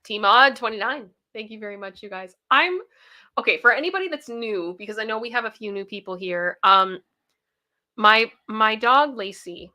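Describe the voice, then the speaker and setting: A woman's voice: on the high side, lively intonation, moderate pace, bright, forceful tone. A young woman hosting a casual livestream, chatty and repeating herself as she thanks viewers by name. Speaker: livestream host.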